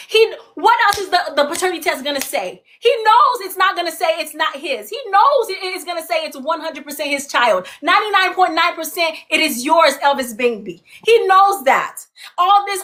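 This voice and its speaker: A woman's voice: very high-pitched, lively intonation, normal speed, a bit bright. A woman from Florida making emphatic, repetitive accusations as a guest on a live stream. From Florida, USA. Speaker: guest, ex-partner.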